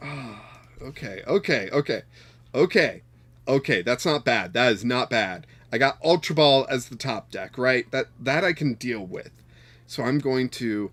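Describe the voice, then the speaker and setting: A man giving live gameplay commentary on a card game, talking to his opponent with exasperated outbursts and quiet muttered counting. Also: medium pitch, expressive, measured pace, long pauses. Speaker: card game player and streamer.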